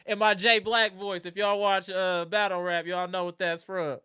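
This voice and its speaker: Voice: medium pitch, level tone, moderate pace, pushed and bright, smooth. A live sports reaction streamer in a casual rant, trash-talking rival fans with lots of slang.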